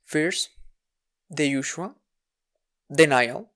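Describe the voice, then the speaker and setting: Low-voiced woman telling a candid story. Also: expressive, measured pace. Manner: candid, wry, self-deprecating, with frequent restarts. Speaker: vlogger. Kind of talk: personal storytelling monologue.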